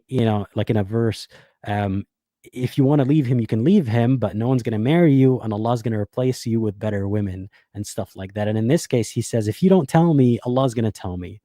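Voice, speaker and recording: A man's voice: medium pitch, warm tone, no echo, studio quality. A man giving blunt, sarcastic reaction video commentary, swearing freely and restarting phrases as he thinks aloud. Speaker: YouTube commentator.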